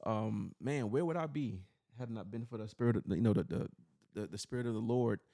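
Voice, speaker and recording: Gravelly man telling a personal story. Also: fairly low pitch, a little fast, warm tone. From New York City. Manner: earnest, rambling, fills with "you know". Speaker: podcast host. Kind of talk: personal storytelling in casual chat.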